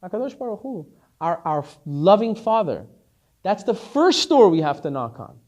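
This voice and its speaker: A rabbi teaching a class, a man telling a story in an animated way and acting out each character, repeating words as he gets excited. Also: high voice, moderate pace. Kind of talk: storytelling Torah lesson.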